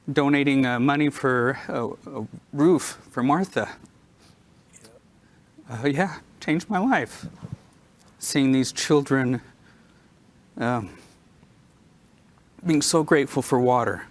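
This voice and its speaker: A man put on the spot at a convention, talking emotionally and haltingly with many fillers. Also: mid-range voice. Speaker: creative director. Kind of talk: impromptu stage remarks. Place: convention stage.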